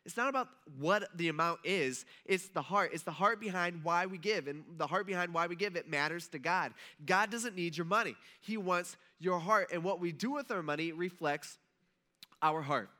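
Bright, casual-sounding male pastor. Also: high-pitched, normal speed. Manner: casual, conversational preaching with retold dialogue. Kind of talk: sermon. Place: church auditorium.

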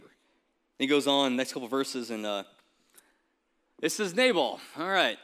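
A male pastor giving a sermon in a casual, conversational way, often checking in with the congregation with quick asides. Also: medium pitch, expressive, fairly bright tone. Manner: casual, conversational preaching with frequent "right?" asides.

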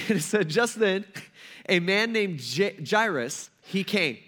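A male pastor with a high, bright voice tells a story in an easygoing sermon. He talks loosely and acts out the characters in quick asides, jumping from loud exclamations to soft, low murmurs. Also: animated. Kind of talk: casual retelling sermon.

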